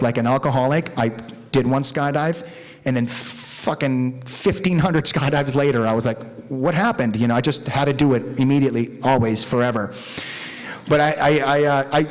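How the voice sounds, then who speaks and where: A middle-aged man from Mexico, speaking at a recovery meeting in a profane, rambling, animated storytelling style before an audience. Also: medium pitch. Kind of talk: candid storytelling talk.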